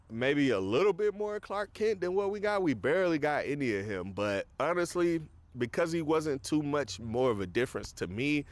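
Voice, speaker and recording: With a lowish, clean-toned voice, a man rambles loosely through a film's plot in a casual review, using lots of fillers. When he quotes lines, he acts them out in a raised voice.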